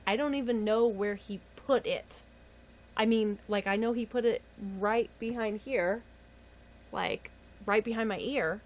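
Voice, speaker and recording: On a casual livestream, a young adult woman tells a story in a chatty, exasperated way and laughs often. Her voice is a little high and her pace measured, recorded on a webcam or phone mic with the highs cut off.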